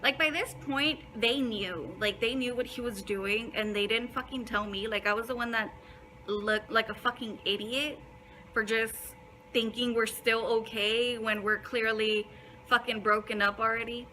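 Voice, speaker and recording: Young woman, casual storytime, blunt, lots of swearing and fillers, bright voice, faint hiss. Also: a little high, fairly even intonation, normal speed, rough recording. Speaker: vlogger.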